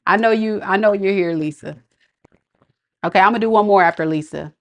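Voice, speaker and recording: A woman's voice: mid-range voice, brisk. A woman with reads tarot live for her viewers. She talks in a loose, affectionate, chatty way and laughs often. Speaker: tarot reader. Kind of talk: livestream tarot reading.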